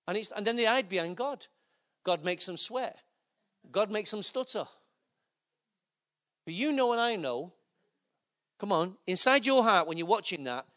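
Male preacher with a notably high, bright voice; casual, joking delivery that talks straight to the congregation. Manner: conversational, joking preaching with asides to the audience. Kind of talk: sermon.

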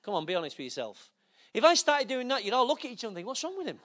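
A man delivers a sermon in an easygoing, humorous manner, often turning to the congregation with asides. His voice sits very high for a man, bright and forceful. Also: sing-song, very fast. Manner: conversational, joking preaching with asides to the audience. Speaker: preacher.

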